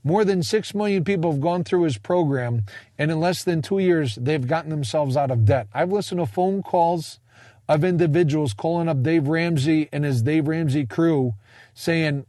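Man in his forties, somewhat high voice, chatty and self-mocking, wanders off topic in a dry, close recording. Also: normal speed, warm tone, no echo. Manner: rambling, jokey, self-deprecating asides. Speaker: speaker sharing a personal finance story. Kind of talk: casual monologue talk.

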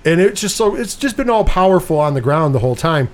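A man co-hosting a podcast, casually retelling a film's plot with lively quoted lines and swearing. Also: a little high, fast. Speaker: podcast co-host. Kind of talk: casual movie review chat.

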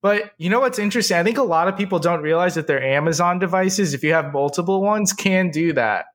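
A man's voice: high voice, fast talker. A man in a casual chat who asks questions and riffs with playful, wry humor.

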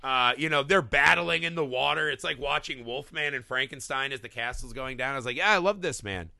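A man co-hosting a casual podcast, reviewing a horror film with excited, profane enthusiasm and little acted-out bits. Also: mid-range voice, gravelly, dry recording, clean studio sound. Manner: excited, profane, acts out scenes in quick bursts. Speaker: podcast co-host.

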